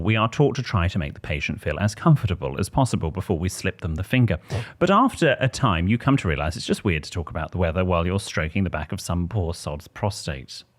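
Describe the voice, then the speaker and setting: An English man co-hosting a podcast, reading listener letters aloud with wry, theatrical emphasis. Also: sits low. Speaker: podcast co-host.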